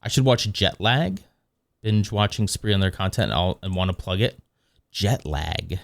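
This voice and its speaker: A man with a low voice and vocal fry talks at a moderate pace with lively intonation, recorded clean in a studio with no room sound. He's streaming live, casually reacting to videos and reading chat aloud, rambling and often correcting himself.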